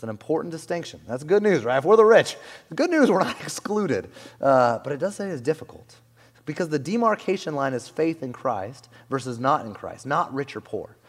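A man preaching a sermon in a conversational, animated way, often saying "like" and "you know", in a church hall. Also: fairly high pitch, fairly quick. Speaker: pastor.

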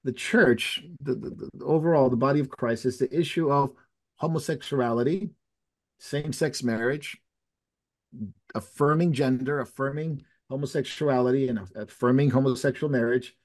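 A man's voice: mid-range voice, normal speed. A man hosting an informal discussion, talking in a conversational way with frequent restarts. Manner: conversational, many restarts and fillers. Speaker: host. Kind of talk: casual chat. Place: Latin America.

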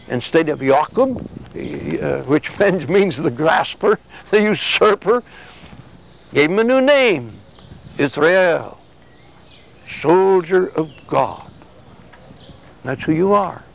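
A religious speaker with a fairly high voice and vocal fry delivers a sermon on a rough recording. His preaching is conversational, and he often acts out back-and-forth exchanges to make his points.

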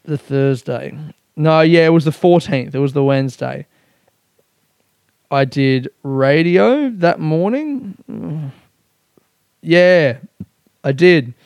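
Man, podcast host, higher-pitched voice, loose rambling delivery, dry close sound. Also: animated, slow pace, gravelly, long pauses, a little mellow, no echo. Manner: rambling, self-mocking, swears freely. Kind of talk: casual solo podcast chat.

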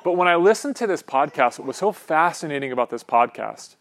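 A man's voice: a little high, animated, brisk, a bit bright. A man preaching a conversational sermon as pastor, loose and rambling, often checking in with his listeners. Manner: casual, rambling, frequent "um" and "right?".

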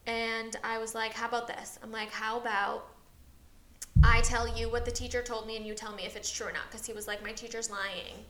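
A woman's voice: on the high side, little pitch movement, fairly quick, reverberant. A woman co-hosting a casual podcast, rambling through a long story about her son and acting out his lines. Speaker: podcast co-host. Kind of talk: casual chat.

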